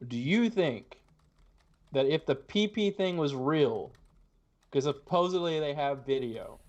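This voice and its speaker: Blunt high-voiced man, dull audio. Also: expressive, unhurried, darkish tone. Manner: blunt and profane, sarcastic. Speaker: podcast co-host. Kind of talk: political commentary chat. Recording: slightly dull lo-fi sound.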